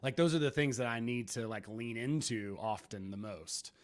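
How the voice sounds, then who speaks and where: A man's voice: medium pitch, moderate pace. Reflective, rambling podcast man. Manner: reflective, rambling, casual swearing. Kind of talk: casual podcast conversation.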